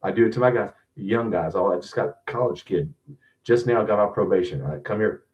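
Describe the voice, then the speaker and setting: A man's voice: fairly low pitch, a little fast, darkish tone. A man hosting a sports stream, ranting bluntly and profanely in casual commentary, often restarting his sentences. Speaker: sports show host. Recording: distant, dull lo-fi mic.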